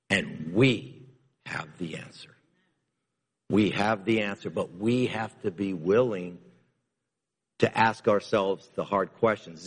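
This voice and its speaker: A man preaching a sermon as pastor, emphatic, repeating key lines and moving between loud and hushed delivery. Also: on the low side, husky. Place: church. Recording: long reverb of a church hall.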